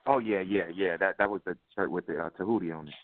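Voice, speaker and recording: Halting caller on a tinny phone line. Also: male voice, low-pitched, no echo. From Chicago, USA. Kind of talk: casual call-in chat. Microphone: phone call.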